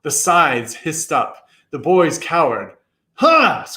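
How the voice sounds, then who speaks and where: A man's voice: unhurried, fairly bright tone. A man giving a theatrical reading of a classic story, jumping into character voices as he narrates. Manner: theatrical, voices characters with big pitch jumps. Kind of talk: dramatic reading of a classic novel. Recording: echoey room.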